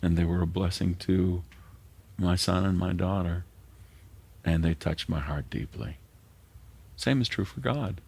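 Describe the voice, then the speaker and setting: A man's voice: deep voice, unhurried, gravelly, pauses often, darkish tone, slightly rough. An older man preaching a sermon as pastor, earnest and emotional, sometimes dropping to a whisper. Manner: earnest, emotional, drops to a whisper at tender moments.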